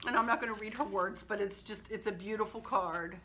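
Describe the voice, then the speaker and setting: Gushing, bright-voiced woman vlogger. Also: medium pitch, a little fast, slight background noise. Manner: warm, gushing and emotional, laughs often. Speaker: home decor channel host. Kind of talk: casual chat to viewers.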